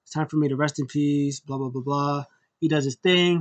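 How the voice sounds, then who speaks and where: Guy rambling through a wrestling show recap, kinda high voice, dry close sound, jumps into squeaky reactions. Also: little pitch movement, normal speed, dry recording, muffled recording. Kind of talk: casual recap and opinion.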